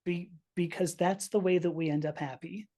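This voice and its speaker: Earnest lowish-voiced woman in her fifties. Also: fairly even intonation, moderate pace, warm tone. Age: 50s. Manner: earnest, emotional, frequent restarts. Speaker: podcast guest. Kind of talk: personal storytelling.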